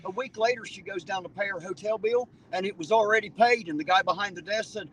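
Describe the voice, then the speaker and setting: Heard from afar over outdoor noise, this Southern US man hosts his channel's relaxed chat outdoors, spinning drawling, foul-mouthed, folksy yarns. He talks quickly in a high, somewhat bright voice, hardly pausing.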